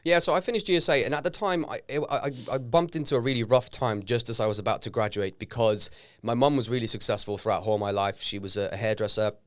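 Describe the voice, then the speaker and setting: A man's voice: mid-range voice, quick pace, clean tone, no echo. A young adult man from Norway, whose first language is Norwegian, speaking as a guest actor in a casual podcast interview and acting out quotes as he tells stories. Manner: animated storyteller, acts out quotes.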